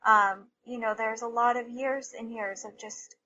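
A woman, a mother, telling a personal story in an interview, animated and repeating herself, often laughing. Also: on the high side, measured pace, lo-fi sound, a little hiss or hum.

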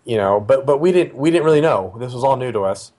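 A middle-aged man, a father, telling a personal family story in a casual, conversational way, often pausing with fillers and restarting his sentences. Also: mid-range voice, expressive, darkish tone.

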